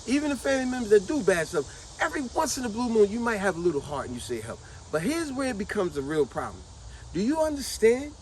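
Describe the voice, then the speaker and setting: A woman's voice: medium pitch, very animated, fast, a little mellow, a little hiss or hum, poor audio. A middle-aged woman giving casual commentary to her vlog audience, emphatic and repetitive, stretching out words to drive her points home. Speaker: vlogger.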